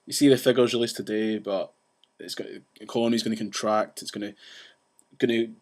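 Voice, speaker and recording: A man ranting casually to the camera, rambling with restarts and asides and talking fast. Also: lowish voice, fairly even intonation. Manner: says he talks fast. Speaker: vlogger.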